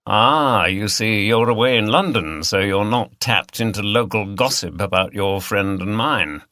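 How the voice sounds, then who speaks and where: Man voicing a cold smug schemer, sly and insinuating, low voice, dry sound. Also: unhurried, bright, forceful tone, no room sound. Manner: sly, insinuating, self-satisfied. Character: smug, cold-eyed middle-aged businessman.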